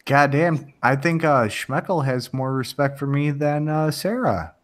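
A man's voice: fairly high pitch, measured pace. Blunt, profane man in voice chat. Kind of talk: casual online voice chat.

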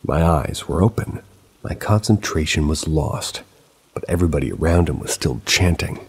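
A man's voice: very deep voice, lively intonation, moderate pace, slightly rough. A man narrating a first-person paranormal story in a casual, conversational way with wry asides.

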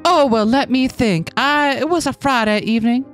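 A woman's voice: high voice, normal speed, faint music behind, lightly acted. A woman voicing a naive, polite young noblewoman in a video game playthrough. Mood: earnest.

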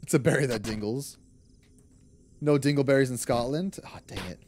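A man's voice: medium pitch, moderate pace, darkish tone, slight background noise. A young man streaming a game, chatting casually, reading chat aloud, laughing often and swearing freely. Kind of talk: casual live-stream chat while gaming.

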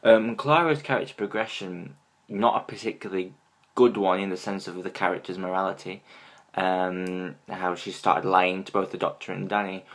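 A man giving a casual fan review of a TV episode, excitable and gushing, with many ums. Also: sits low, normal speed.

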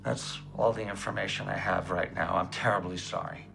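An actor in a TV drama playing a somber man who calmly delivers tragic news. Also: sits low, a little fast, gravelly, over loud music. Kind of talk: TV drama acting. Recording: distant voice with loud score.

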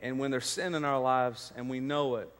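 A man's voice: mid-range voice, fairly even intonation, normal speed, a bit bright, in a large hall. A man, preaching a sermon, telling stories and building to emphatic points. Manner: storytelling, rising to emphatic preaching. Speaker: pastor. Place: church sanctuary.

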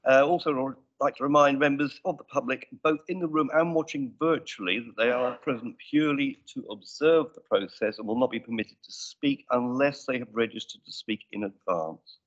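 A man chairing a council committee meeting, running through procedure in a brisk, businesslike way with dry asides. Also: medium pitch. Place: council chamber. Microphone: desk microphone. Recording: dull lo-fi meeting stream.

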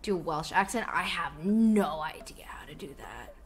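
A woman's voice: fairly low pitch, normal speed, a little hiss or hum. A young woman from New Jersey streaming a game, chatting casually and answering viewer questions with playful asides. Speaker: livestreamer. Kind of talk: casual chat while gaming and reading chat.

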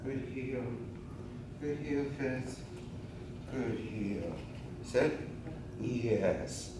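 Outdoors, a man training dogs gives short, firm commands and rises into sing-song praise as he explains what he's doing in a demonstration. His medium-pitched voice is very slow, and the outdoor recording has noisy, clearly audible background ambience.

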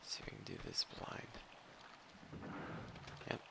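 A man's voice: unhurried, background noise. A man giving casual, rambling commentary while playing a video game, thinking aloud and poking fun at himself. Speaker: let's play commentator.

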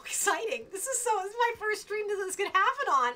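A young woman streaming a game live, excitable and gushing with delight at her viewers. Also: very high-pitched, fast, few pauses.

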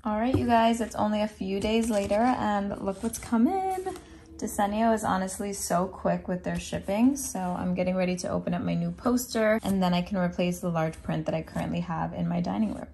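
A young woman chats upbeat to her viewers. Her voice is a little congested and slips into vocal fry. A faint hum of room noise sits under her voice. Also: mid-range voice, brisk, dark tone. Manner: chatty, upbeat, addresses viewers as "you guys". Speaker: vlogger. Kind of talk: casual vlog chat to camera. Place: apartment indoors.

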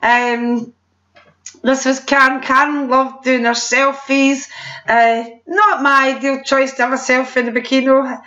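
A middle-aged Scottish woman presents holiday photos at a sales meeting, chatting away with laughing, apologetic asides. Her high voice is sharp in tone, a little slow, and fairly flat in pitch. The recording is dull and lo-fi.

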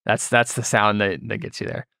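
A man's voice: fairly low pitch, very animated, a little fast, gravelly, pushed and bright, clean tone, dry recording, studio quality. A man running a tabletop game as game master, narrating loosely with many fillers and restarts.

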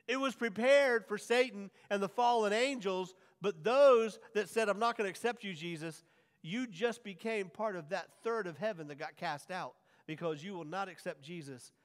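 Pastor preaching in a reverberant church. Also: male voice, high voice. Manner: dramatic swings from hushed to loud, drawn-out emphasis. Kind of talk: sermon. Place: church sanctuary. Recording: long church hall reverb.

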